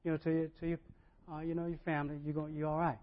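A preacher voicing a calm, kindly male teacher who speaks in casual, easygoing words. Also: a little high, quick pace, dull audio, lightly acted.

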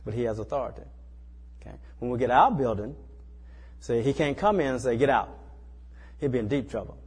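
This preacher talks fast with lively intonation, his medium-pitched voice dark and husky in a big-sounding room. Speaking loosely to a small church congregation, he keeps things folksy and conversational, repeatedly asking "you know" to check in.

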